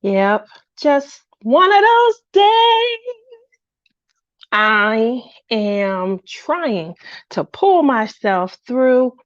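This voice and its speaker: A middle-aged woman hosting a craft livestream, talking casually and in a rambling way, feeling low and lonely, greeting viewers by name. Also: sing-song, drawn-out words, dry recording, highs cut off.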